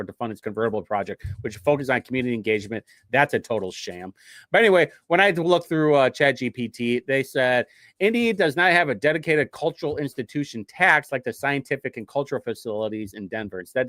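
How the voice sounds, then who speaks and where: A man's voice: mid-range voice, fairly bright tone, no room sound, studio quality. A man from hosting a show, reading from documents in a casual, sarcastic, rambling way with frequent self-interruptions. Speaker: show host.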